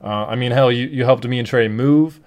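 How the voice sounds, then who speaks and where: A man's voice: medium pitch, moderate pace, a little mellow. A man hosting a casual podcast, talking loosely with many fillers and restarts. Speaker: podcast host. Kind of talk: casual chat.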